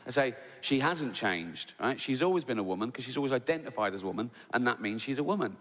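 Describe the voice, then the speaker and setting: A man's voice: medium pitch, lively intonation, fast talker, a bit bright. A man doing a rambling, playful stand-up routine in a large theatre. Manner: rambling, playful storytelling with crude voices. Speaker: stand-up comedian. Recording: live hall with long reverb and background noise.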